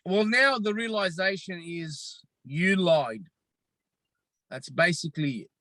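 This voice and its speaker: Australian man, podcast guest: high, bright voice, measured delivery, hammers his points home. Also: no room sound, low-quality recording. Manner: emphatic, repetitive, deliberate. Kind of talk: impassioned podcast talk.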